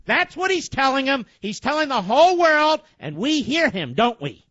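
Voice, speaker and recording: An outraged man runs a talk radio segment, his voice sitting very high and leaping around as he presses his points. The sound is close and dry, with a muffled, lo-fi broadcast quality. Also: sing-song, normal speed, hardly any pauses, fairly bright tone, no echo. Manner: indignant, emphatic, rhetorical questions.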